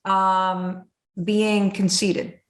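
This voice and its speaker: A woman hosts a candid interview, animated and blunt, swearing freely as she tells her story. Her mid-range voice carries a noticeable room echo. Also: medium pitch, extremely slow. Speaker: podcast host.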